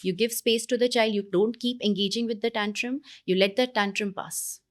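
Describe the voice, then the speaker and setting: A woman's voice: mid-range voice, steady tone, moderate pace. A woman, explaining parenting as a guest in an earnest, step-by-step way. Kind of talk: explanatory conversation.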